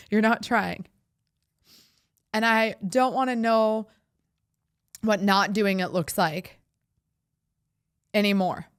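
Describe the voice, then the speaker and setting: A woman's voice: medium pitch, takes it slowly, pauses often, no room sound, clean studio sound. A woman, hosting a podcast and speaking in a heartfelt, reflective way, often laughing as she talks. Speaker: podcast host. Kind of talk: personal reflective monologue.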